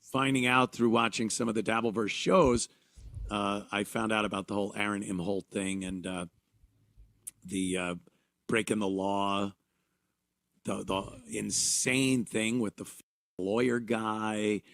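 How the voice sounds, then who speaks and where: A man talking casually on a podcast, hesitant, pausing with fillers and trailing off. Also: lowish voice, fairly even intonation, gravelly, a bit bright, dry recording. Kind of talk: casual chat.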